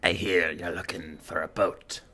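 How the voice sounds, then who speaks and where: Man doing a deep, slow, sinister old man. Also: little pitch movement, background noise. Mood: ominous. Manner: slow, ominous, low.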